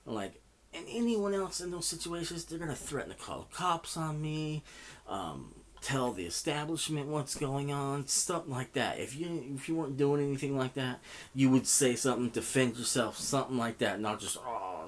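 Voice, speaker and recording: A man's voice: medium pitch, animated, normal speed. A man telling a story in a casual, rambling way, swearing often and filling gaps with "you know.". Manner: profane, rambling, heavy with fillers. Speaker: vlogger.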